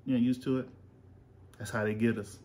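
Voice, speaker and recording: A man hosts a casual family podcast at home. He rambles through long stories, full of ums and restarts. His pitch sits in the middle range. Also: flat delivery, a little fast, a little mellow. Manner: rambling storyteller, lots of fillers. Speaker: podcast host and father. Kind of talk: casual chat.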